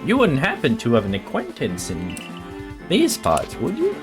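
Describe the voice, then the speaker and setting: A man's voice: mid-range voice, wildly swooping pitch, normal speed, music in the background. A man voicing a polite, fussy, genteel professor who speaks in courteous, old-fashioned phrases.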